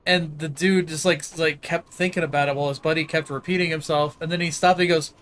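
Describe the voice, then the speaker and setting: A man's voice: a little high, fairly even intonation, quick pace, hardly any pauses, a bit bright. An American man hosting a game stream, chatting casually, laughing often and exclaiming when startled. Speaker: streamer host. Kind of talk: casual gameplay commentary.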